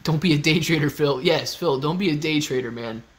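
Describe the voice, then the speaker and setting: On a casual livestream, a male host jokes around and answers viewers' comments by name, talking loosely to chat. His voice is a little high and a little fast, picked up by a phone being used as a webcam.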